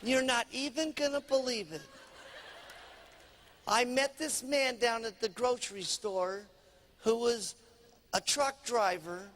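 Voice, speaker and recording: A man voicing a timid, excited young housewife who answers her husband quietly. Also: very high-pitched, a little slow, few pauses, slight background noise. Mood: sheepish.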